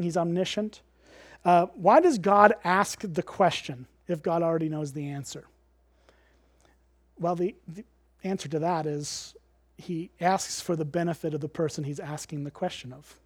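A man's voice: high-pitched, a little mellow, dry recording, clean studio sound. A man giving a conversational Bible teaching, explaining as he goes and posing rhetorical questions to his listeners.

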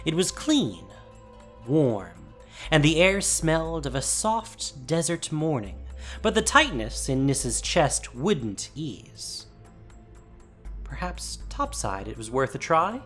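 Audiobook narrator: a woman with a low, expressive voice, varied pitch. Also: slow pace. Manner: expressive storytelling. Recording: faint music behind.

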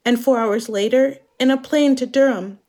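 A German woman serves as narrator in a scripted dramatic monologue. She takes it slow, measured and introspective, and her voice sits high with a warm tone.

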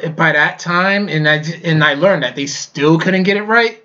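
A man chats on a gaming podcast panel, relaxed and wry as he tells his story. His voice sits a little high. The audio is dull and lo-fi. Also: normal speed, hardly any pauses. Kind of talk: casual chat.

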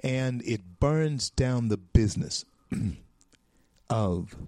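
In a dry, studio-quality recording, a US talk show host gives a preachy, folksy opinion monologue full of drawn-out emphatic phrases. His mid-range voice is animated and dark in tone.

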